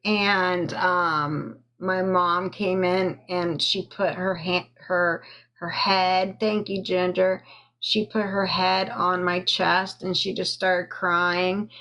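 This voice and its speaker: A woman telling a personal story on a live stream into a phone, halting with frequent pauses and fillers, stopping to thank viewers. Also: on the low side, little pitch movement, sharp tone. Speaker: livestreamer telling her own story.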